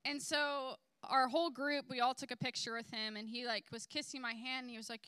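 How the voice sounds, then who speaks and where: A young woman with a high voice shares a casual church testimony at a brisk clip, with few pauses. She tells her story animatedly, saying "like" a lot and quoting people in different voices. Her tone is clean, with no room sound.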